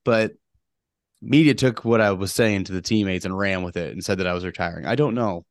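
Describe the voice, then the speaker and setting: A man's voice: low-pitched, a little fast, no echo, clean studio sound. A man co-hosting a casual podcast, rambling and joking with frequent laughs. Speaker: podcast co-host. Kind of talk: casual chat.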